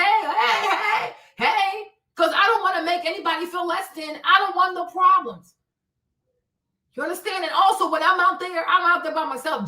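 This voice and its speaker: A woman hosting a casual livestream, telling stories in an animated, slangy way and acting out the exclamations. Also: high voice, roomy sound, far from the mic. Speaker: livestream host. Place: home, in D.C.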